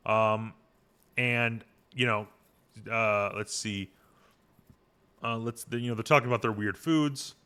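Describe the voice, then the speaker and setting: A man's voice: lowish voice, fairly even intonation, slow, pauses often, sharp tone, clear, resonant tone. A man co-hosting a podcast, rambling through an episode recap and acting out quoted lines in funny voices. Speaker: podcast co-host. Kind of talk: casual chat recapping a TV episode.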